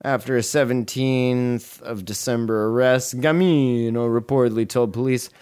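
A man's voice: medium pitch, steady tone, moderate pace, a little mellow, smooth. A man co-hosting a comedy podcast, reading odd news stories aloud with crude, sarcastic asides. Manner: jokey, crude, reads headlines with sarcastic asides. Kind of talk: casual comedic chat.

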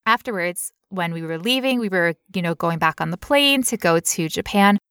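A young woman telling a long personal story in casual chat, animated and full of "like". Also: lowish voice, normal speed, clear, resonant tone, dry recording, clean studio sound.

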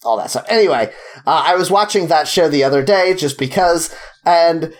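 A man's voice: on the high side, moderate pace. Laughing, storytelling man on a podcast. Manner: laughs while telling stories. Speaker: podcast co-host. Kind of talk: casual chat.

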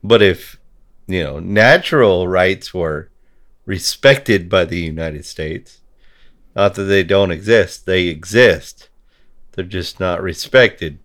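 A man's voice: low voice, fairly bright tone. A man in a heated conversation, talking bluntly and swearing freely as he rants. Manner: blunt, profane ranting.

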